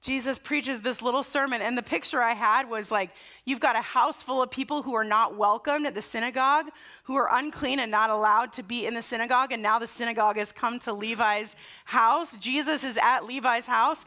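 A woman's voice: on the high side, a little fast. A woman in her thirties, a pastor giving a conversational sermon and telling stories from home with casual fillers. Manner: warm anecdotal storytelling with casual fillers.

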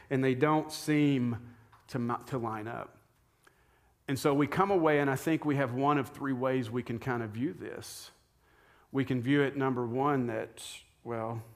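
A man, a pastor, giving a conversational sermon from the pulpit and asking his listeners rhetorical questions. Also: mid-range voice. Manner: informal, asks the congregation rhetorical questions. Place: church, speaking from the pulpit.

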